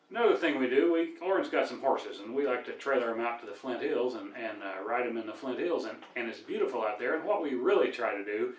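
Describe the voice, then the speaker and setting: An older man with a Midwestern accent spins folksy tall tales in a dry, deadpan delivery. His voice sits at an average pitch. He is recorded from a distance in an echoey room. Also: quick pace, hardly any pauses. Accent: American Midwest. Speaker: storyteller and cowboy singer. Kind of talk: folksy joke telling.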